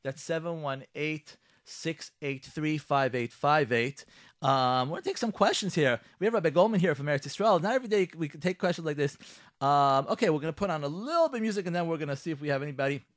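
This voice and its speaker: A man hosting a live radio talk show, quick and animated, acting out heated quotes in his talk. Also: a little high, no room sound, clean studio sound.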